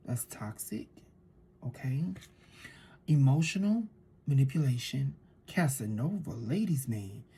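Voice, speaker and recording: Husky mellow-voiced woman reading tarot. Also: extremely low pitch, unhurried, pauses often. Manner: animated storytelling with repeated phrases. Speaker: tarot reader. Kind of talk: casual tarot reading monologue.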